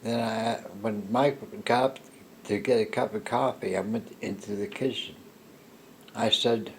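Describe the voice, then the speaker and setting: An older man telling a personal story in a slow, rambling monologue, halting with restarts. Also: fairly low pitch, fairly even intonation, creaky, a little hiss or hum. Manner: halting, with restarts and soft laughs. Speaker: storyteller recounting a personal encounter.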